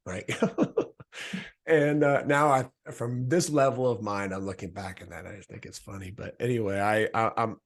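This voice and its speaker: A middle-aged man, a podcast guest, telling a personal story in a casual, animated way and acting out the voices he quotes. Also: on the low side, normal speed.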